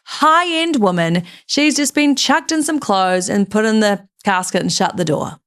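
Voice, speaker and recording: A woman hosting a comedic true-crime podcast, telling the case with dramatic, lively storytelling. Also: medium pitch, unhurried, clear, resonant tone.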